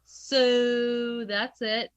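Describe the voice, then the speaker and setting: A woman's voice: fairly high pitch, flat delivery, very slow, clean tone, dry recording, lo-fi sound. A woman co-hosting a podcast in casual chat, laughing often and poking fun at herself. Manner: laughing, self-deprecating. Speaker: podcast co-host.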